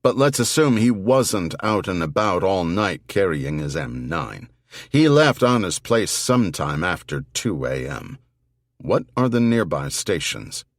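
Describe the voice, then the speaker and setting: A man's voice: low voice, very animated, measured pace, dry recording, full character voice. A man voicing a pragmatic male army investigator in an audiobook, dry and businesslike.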